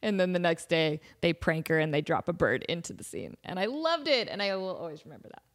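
Animated woman host in her thirties, casual storytelling, giggly and upbeat. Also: fairly low pitch, brisk. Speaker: podcast host.

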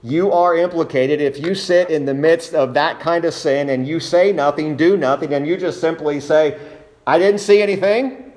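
A man's voice: on the high side, steady tone, normal speed, few pauses, a little mellow. A man preaching an expository sermon, reading scripture and speaking earnestly and emphatically to his congregation.

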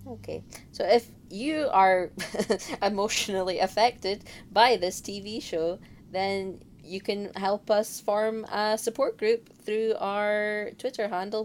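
A woman's voice: medium pitch, fairly even intonation, slow pace. A woman co-hosting a podcast in casual chat, playful and chatty, trailing off with fillers. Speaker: podcast co-host.

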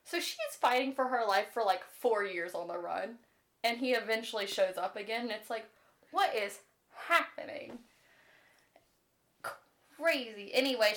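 A woman co-hosting a podcast, casually retelling book plots in an animated, chatty way, full of "like" and casual swearing. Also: mid-range voice. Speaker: podcast co-host. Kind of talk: casual chat about books.

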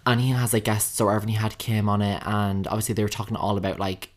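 A man's voice: on the low side, fairly even intonation, quick pace. A young man co-hosting a podcast, chatting and gossiping with lots of swearing. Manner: gossipy, swears a lot, mimics people in quotes. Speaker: podcast co-host. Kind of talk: casual chat.

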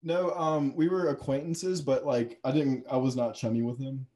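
Young male podcast host with a mid-pitched voice, rambling and laughing as he tells stories. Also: steady tone, normal speed, warm tone. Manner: rambling storyteller, laughs a lot. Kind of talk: casual chat.

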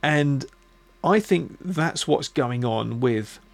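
A man hosting a podcast, talking in a musing, halting way with many restarts. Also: mid-range voice, expressive, vocal fry. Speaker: podcast host. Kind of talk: casual reflective monologue.

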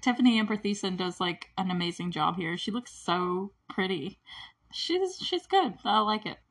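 A woman's voice: medium pitch, fairly bright tone. A woman casually recapping a movie plot, chatty and giggly, with constant "like" fillers. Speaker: movie reviewer. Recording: voice a bit distant from the mic.

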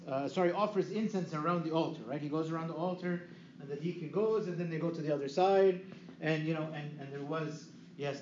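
A man preaching a teaching sermon, lively and asking his listeners questions he then answers himself. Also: on the high side. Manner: lively, asks the audience questions and answers them. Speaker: priest. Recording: echoey room, dull lo-fi sound, faint hiss.

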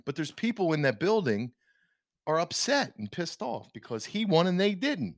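A man holds forth on a casual podcast, emphatic and ranting, often restarting his sentences. His pitch rises and falls widely. The sound is dry and close. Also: sing-song, moderate pace, no echo. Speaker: podcast co-host. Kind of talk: casual opinion chat.

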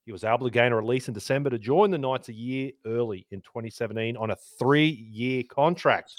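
A man's voice: mid-range voice, brisk, no room sound, studio quality. A man co-hosting a casual sports podcast, laughing often, swearing and reading out player stats. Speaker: podcast co-host.

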